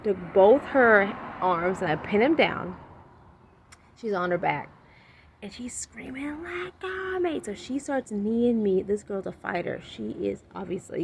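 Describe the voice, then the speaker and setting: A woman telling a casual anecdote in an animated, blunt way, swearing freely and acting out her own lines. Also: medium pitch, slight background noise. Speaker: storyteller.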